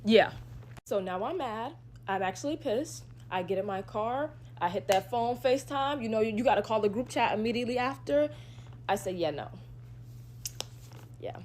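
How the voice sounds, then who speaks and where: A young woman telling a dating story in an animated, slangy, exasperated way. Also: medium pitch, normal speed, a little hiss or hum. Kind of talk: casual storytime.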